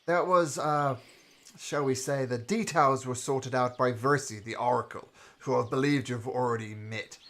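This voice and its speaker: A man's voice: mid-range voice, moderate pace, a bit bright, close to an everyday voice. A man voicing a boastful, tipsy old king who claims to be a god, rambling and stammering grandly. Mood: earnest.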